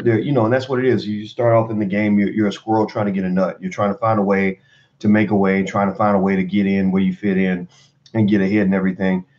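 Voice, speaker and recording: A man's voice: lowish voice, lo-fi sound. A man in his forties from Kentucky, giving a rambling, motivational livestream talk from home at his computer. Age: 40s. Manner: rambling, motivational, many fillers. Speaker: motivational vlogger.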